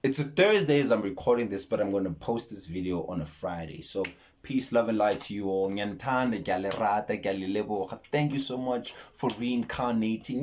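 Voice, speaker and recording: A young South African man with a South African accent, signing off a casual film breakdown vlog in a playful way and jumping into high exclamations. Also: expressive, fairly quick, darkish tone.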